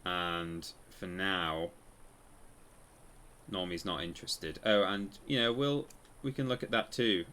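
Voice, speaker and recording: A man's voice: low-pitched, slow, bright, forceful tone. A man casually commenting while he plays a game on a live stream, rambling and correcting himself as he tells stories. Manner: rambling, self-correcting storyteller.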